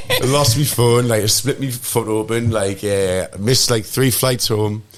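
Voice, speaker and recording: A man's voice: lowish voice, fairly even intonation, unhurried, noisy background. A man in his thirties with a Geordie accent, a podcast guest telling rambling stories, full of "like" and "mate", often laughing through them. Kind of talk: casual storytelling. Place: podcast studio.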